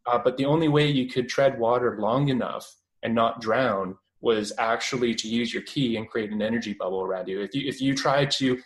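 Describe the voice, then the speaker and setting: In a rough recording, a young Canadian man in his twenties talks casually as an interview guest. His mid-range voice rambles, full of fillers and restarts.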